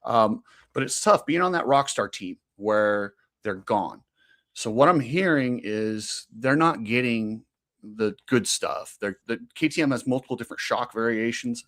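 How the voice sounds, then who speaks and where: A man in casual conversation, giving blunt opinions on racing and breaking into easy laughter. His voice sits at an ordinary middle pitch, relaxed and unpolished, the talk of a regular co-host. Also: unhurried. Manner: chatty, opinionated, laughs easily. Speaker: podcast co-host. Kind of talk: casual motocross chat.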